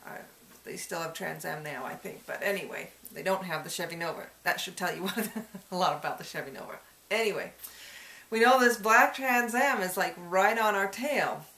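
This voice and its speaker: A woman's voice: fairly low pitch, normal speed, bright, forceful tone. A woman telling a personal story in a folklore interview, chuckling often as she goes. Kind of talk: casual personal anecdote. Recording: echoey room.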